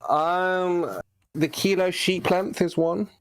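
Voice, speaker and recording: A man's voice: high-pitched, fairly even intonation, slow, smooth, no room sound. Affable man as a guest, dry sound. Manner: affable, repeats himself, agreeable fillers. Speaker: debate guest. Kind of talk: casual debate chat.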